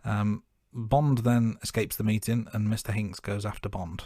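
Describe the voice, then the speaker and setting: A man co-hosting a podcast, recapping a film scene by scene in a relaxed, self-deprecating way. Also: lowish voice, normal speed, no room sound, clean studio sound. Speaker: podcast co-host. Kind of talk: casual film-review chat.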